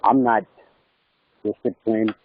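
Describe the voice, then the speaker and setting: A man's voice: on the low side, flat delivery, takes it slowly, a little hiss or hum. A man speaking on a group call, hesitant and full of fillers, over muffled online audio. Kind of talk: casual chat.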